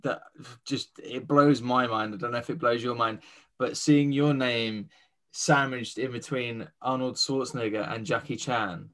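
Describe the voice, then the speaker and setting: A man's voice: medium pitch, fairly even intonation, a little slow, a bit bright. A man hosting a casual interview, asking his guest questions with eager admiration. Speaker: interviewer, host.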